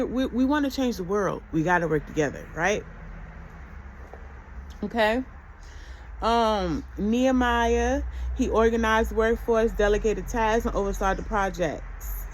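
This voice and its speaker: Chatty woman with a higher voice. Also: a bit bright, a little hiss or hum, poor audio. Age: adult mother. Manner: chatty, conversational, asks rhetorical questions. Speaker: vlogger. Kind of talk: casual spiritual self-help talk.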